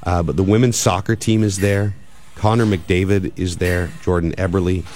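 A middle-aged man hosting a podcast, telling stories and reading ads in a relaxed, rambling way. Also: low voice, normal speed, slight background noise. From Canada. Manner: relaxed, rambling storyteller who reads ads conversationally. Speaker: podcast host. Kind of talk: casual chat.

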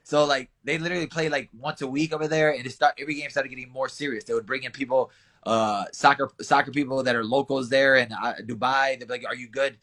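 Laid-back young fighter telling stories. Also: male voice, mid-range voice, quick pace. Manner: relaxed, laughs often, storytelling with acted quotes. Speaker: interviewed fighter. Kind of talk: casual interview answers.

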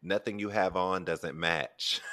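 A man hosting a casual podcast, asking playful questions and telling funny stories in a relaxed way. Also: sits low. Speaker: podcast host. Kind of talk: casual chat.

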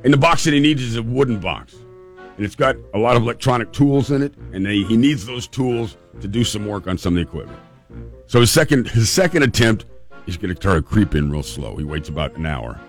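A man's voice: fairly low pitch, lively intonation, a little fast, soft background music. A man hosting a show, telling a funny story in a casual, chatty way with restarts. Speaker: podcast host.

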